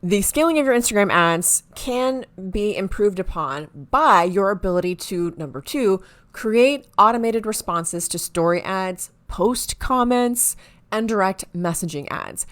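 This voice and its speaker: Excitable woman explaining marketing tips. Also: on the low side. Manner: excitable, stumbles over words when excited. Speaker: marketing video host. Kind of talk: enthusiastic to-camera explainer.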